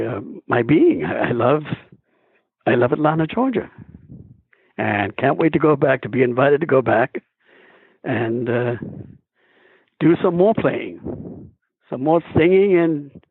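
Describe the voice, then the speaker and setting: A man, a stage and screen actor, telling stories as a guest in a phone interview, chuckling often and animated. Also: medium pitch, slow, vocal fry, pauses often, husky, no echo. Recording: tinny phone line.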